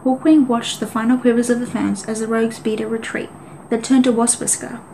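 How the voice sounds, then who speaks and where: A woman reading a children's animal adventure novel aloud as an audiobook, in a steady, even voice. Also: fairly high pitch, fairly quick, a little hiss or hum, low-quality recording. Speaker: audiobook reader. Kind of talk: audiobook narration.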